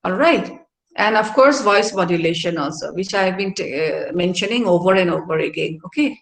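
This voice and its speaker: A middle-aged woman professor lectures a class in a university activity centre hall, her voice low, expressive, somewhat quick and creaky. She explains things and keeps tossing in tag questions like "no?" and "all right?" to check in. The roomy hall adds noticeable echo.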